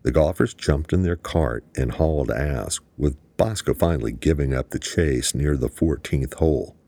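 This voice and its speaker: A male audiobook narrator with a very low, gravelly voice. He keeps a steady, matter-of-fact pace through the story. The recording is dry and close. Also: normal speed, dry recording. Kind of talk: scripted narration.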